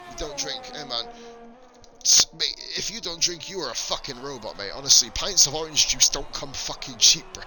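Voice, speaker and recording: Sweary northern English race commentator. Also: male voice, mid-range voice, poor audio. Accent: northern English mixed with Welsh. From northern England. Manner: swears freely, banters with viewers. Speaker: sim racing commentator. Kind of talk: live-stream race commentary chatting with chat.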